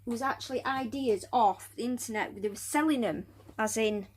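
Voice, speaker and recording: A woman's voice: on the high side, normal speed, slightly rough. Chatty woman crafting and muttering. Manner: chatty, rambling, drops to muttering and whispers while working. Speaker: hobbyist building a tarantula enclosure. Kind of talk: casual crafting vlog narration.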